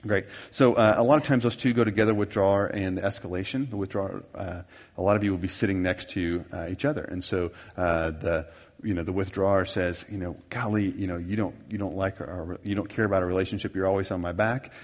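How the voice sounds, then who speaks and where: Low-voiced man teaching in a reverberant hall. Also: steady tone, a little fast. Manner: folksy, rambling, self-deprecating with many fillers. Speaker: marriage workshop speaker. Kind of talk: conversational seminar teaching.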